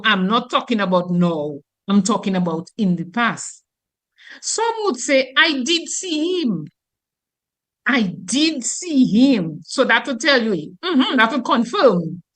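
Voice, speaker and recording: A woman teacher from Dominica, talking on the radio in an animated, explanatory way. Her voice is fairly high and bright, and her pitch swings widely from phrase to phrase. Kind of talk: radio talk explaining grammar.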